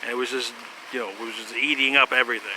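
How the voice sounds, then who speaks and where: A man's voice: mid-range voice, fairly even intonation, very fast, background noise. A man rambling through a casual monologue, laughing often, swearing, and trailing off into fillers and restarts.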